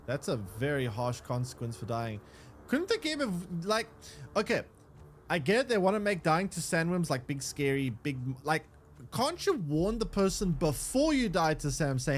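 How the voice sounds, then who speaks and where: A man's voice: on the high side, big pitch swings, moderate pace. A man streaming a game, ranting in exasperation and swearing at what happens on screen. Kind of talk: live gameplay commentary.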